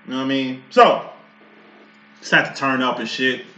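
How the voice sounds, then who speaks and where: A man, giving a casual, profane tarot reading that rambles and breaks into loud outbursts. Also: medium pitch, moderate pace, reverberant. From Chicago. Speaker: tarot reader.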